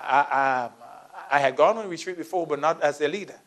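A middle-aged male pastor preaching a sermon, telling a personal story, moving between soft asides and raised, emphatic lines. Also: a little high, brisk.

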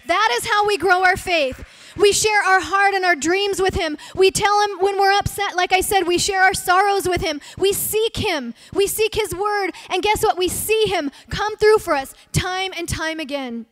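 A woman's voice: extremely high pitch, fairly bright tone. A woman pastor preaching at a church service, earnestly acting out heartfelt prayers as she speaks. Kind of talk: sermon.

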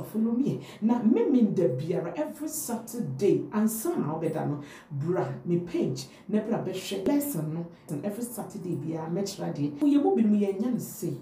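A woman with a Ghanaian accent teaching French phrases to Twi speakers, drilling each phrase slowly and repeating it. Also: fairly low pitch, recorded from a distance, a little hiss or hum. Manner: lively, drawn-out repetition of phrases. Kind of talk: language lesson, repeat-after-me drills. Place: France. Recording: echoey room, off mic, faint ambience.

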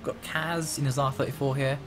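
A man's voice: medium pitch, flat delivery, brisk, noisy background. A man casually commentating on a racing game, joking and swearing as he plays. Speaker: gaming channel host. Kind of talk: let's play commentary. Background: background music.

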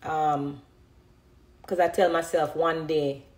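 A Jamaican-accented dancehall artist in her thirties chats casually on a live stream from her phone, reading comments and laughing often. Her voice is low, slow, steady and a bit dark in tone.

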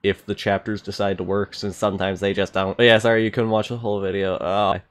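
A young man giving let's-play commentary, excitable and complaining loudly at the game. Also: lowish voice, fast talker. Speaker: gameplay streamer.

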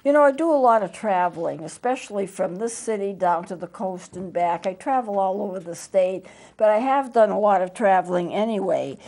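A woman's voice: medium pitch, a little fast, a little mellow. A woman pastor hosting a TV show, telling a personal story in an earnest, conversational way with some hesitant restarts, recorded in a TV studio.

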